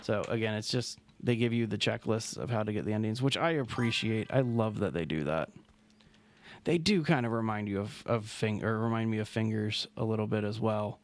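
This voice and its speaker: A man with a lowish voice streams a video game, speaking fairly quickly over slight background noise. His casual gameplay commentary is relaxed and rambling, and he often trails off mid-sentence.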